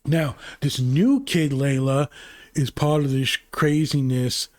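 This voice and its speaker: A man hosting his own channel, recapping movies in a casual, rambling, profane way that grows excitable. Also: medium pitch, takes it slowly, no echo, clean studio sound. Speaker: channel host.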